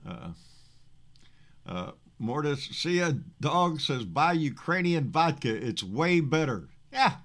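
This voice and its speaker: A man's voice: fairly high pitch, a bit bright. A man with a Texan accent hosting a casual political livestream, reading chat comments aloud. He rambles, swears freely and stammers over repeated words. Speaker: livestream host.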